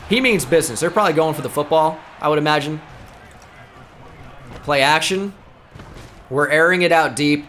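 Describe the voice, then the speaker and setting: Excitable man calling video game plays. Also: on the high side, slight background noise. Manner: excitable, jokey, breaks into shouted play-calls. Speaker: gaming video host. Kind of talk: gameplay commentary.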